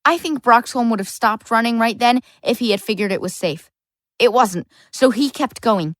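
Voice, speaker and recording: A woman's voice: a little high, normal speed, fairly bright tone, dry recording, clean studio sound, close to an everyday voice. A woman narrating a full-cast audiobook as a lonely, bookish boy, earnest with wry asides. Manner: earnest first-person storytelling, wry asides.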